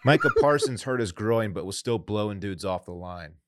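A man's voice: fairly low pitch, lively intonation, moderate pace, slight background noise. A man co-hosting a sports podcast, casual and wry, reading headlines aloud. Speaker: podcast co-host.

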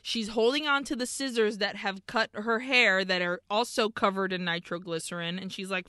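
A woman's voice: mid-range voice, lively intonation, normal speed, few pauses, sharp tone, no room sound, clean studio sound. A woman co-hosting a podcast, animatedly retelling a movie plot with lots of swearing. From Argentina. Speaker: podcast co-host. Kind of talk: casual movie recap chat.

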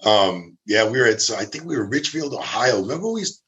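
A man casually telling a backstage story, animated and acting out the people he quotes. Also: a little fast. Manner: animated, acts out quotes with big pitch jumps. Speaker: former ring crew member telling stories.

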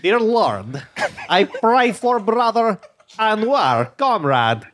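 A man voicing a slow, solemn praying man with a mock Russian accent. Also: sits high, big pitch swings, a bit bright, pitched above the performer's own voice, exaggerated voice. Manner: slow, drawn-out solemn prayer.

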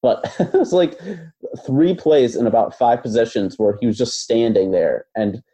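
A man's voice: medium pitch, normal speed, dark tone. A man co-hosting a basketball podcast, talking through his views in a casual, thoughtful way with many fillers and hedges. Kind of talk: casual analytical chat.

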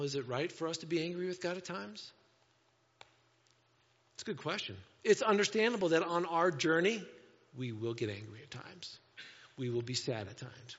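A man preaching a sermon to a congregation, animated, often acting out voices in quotes. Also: a little high. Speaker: pastor. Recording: dull sound with long hall reverb.

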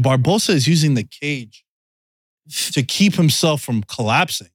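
A man's voice: fairly high pitch, animated, moderate pace, slightly rough, no room sound, studio quality. A man hosting a podcast in casual sports chat, loose and storytelling. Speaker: podcast host.

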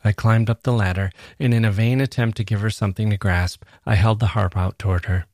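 A man, a podcast host, giving a measured and expressive first-person reading of a literary short story. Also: on the low side, no room sound, clean studio sound.

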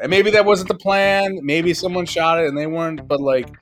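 A man's voice: on the high side, normal speed, a bit bright. Blunt, cursing man in casual chat. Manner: blunt, profane, rambling with restarts. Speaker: podcast co-host.

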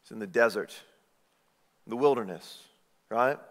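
A man preaching a sermon, retelling a story with lively asides and acted-out quotes. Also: medium pitch, measured pace, in a large hall. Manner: animated storytelling, repeated "right?" asides, acts out quotes. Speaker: pastor.

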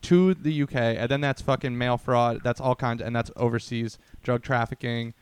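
A man's voice: medium pitch, steady tone, moderate pace, smooth. A man in casual podcast chat, teasing his co-host with crude banter.

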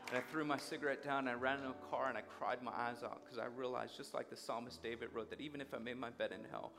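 A man's voice: mid-range voice, steady tone, quick pace, creaky. Brief: male preacher, vivid storyteller who acts out the dialogue, guitar music underneath. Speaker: guest speaker. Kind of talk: sermon storytelling.

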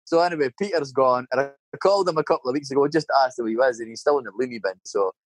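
A man's voice: medium pitch, rapid-fire, husky, dry recording. Middle-aged Scottish man, Scottish accent, rambling and sweary chat storyteller, dry close sound. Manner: swearing, rambling anecdotes with tag questions.

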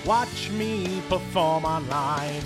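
A laid-back rock singer croons a lockdown ditty, as a man puts him on, stretching every word out very slowly. Loud acoustic guitar plays behind him. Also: a little high. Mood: crooning. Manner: slow, drawn-out crooning.

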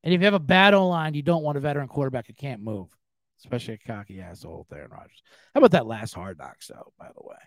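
Animated, profane man ranting on a podcast. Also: medium pitch, fast, no room sound. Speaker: podcast host. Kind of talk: casual sports-betting podcast rant.

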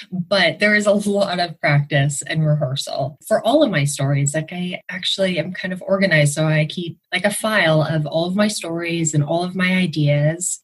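Husky, matter-of-fact woman panelist. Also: on the low side. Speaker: podcast guest. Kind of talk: casual podcast discussion.

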